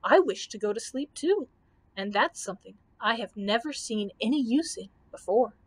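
A woman's voice: fairly high pitch, animated, moderate pace, husky. A woman voicing a fussy, squeamish male scarecrow of straw in a storybook reading. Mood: cheerful. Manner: exclaiming, indignant.

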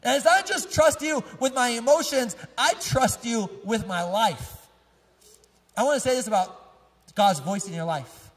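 A man's voice: extremely high pitch, animated, a little slow, a bit bright, slightly rough. A male pastor preaching a sermon through casual, joking personal stories, often laughing as he tells them. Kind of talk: storytelling sermon. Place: church sanctuary. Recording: long echo of a church hall.

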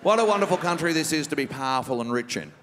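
A man's voice: on the high side, lively intonation, quick pace, noisy background, close to an everyday voice. A man with an Australian accent impersonating a smug, wealthy male politician who stretches out his vowels and over-enunciates every word. It is recorded live on a stage microphone in a reverberant theater. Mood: smug drawl. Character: smug rich male politician, pompous and self-satisfied.

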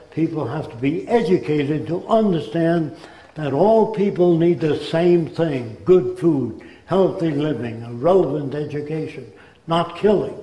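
Speaking in a warm, fairly high-pitched voice, an older man from the United States gives a public lecture in an echoey hall. His tone is earnest and instructive, broken up by brief impressions.

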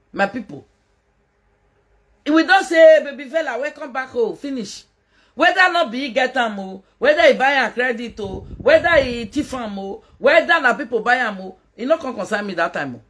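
A woman's voice: a little high, fairly bright tone, slightly rough. A Nigerian woman doing a casual live-stream gossip rant as a social media commentator, mocking, laughing and scolding.

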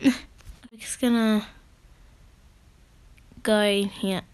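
A woman's voice: medium pitch, steady tone, extremely slow, smooth, no echo. A woman hosting her gaming channel, chatting casually through her gameplay with frequent gasps and exclamations. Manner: chatty, giggly, gasping and exclaiming.

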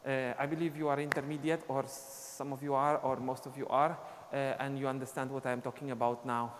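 A man's voice: mid-range voice, flat delivery, brisk. A man teaching a live online dance class, explaining steps and counting beats aloud as he dances. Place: dance studio. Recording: long reverb, faint ambient noise.

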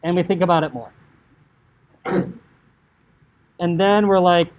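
A man teaching high school computer science, talking casually through code on screen, often saying "like" and acting out what a user might think. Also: slow pace, pauses often, darkish tone, muffled recording. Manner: chatty, filler "like", acts out inner thoughts. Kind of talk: casual coding screencast lecture.

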